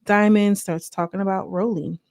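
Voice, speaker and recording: A woman chattily recapping a reality TV episode, full of fillers and quick asides. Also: mid-range voice, steady tone, darkish tone, dry recording, clean studio sound. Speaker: YouTube reality-show reviewer.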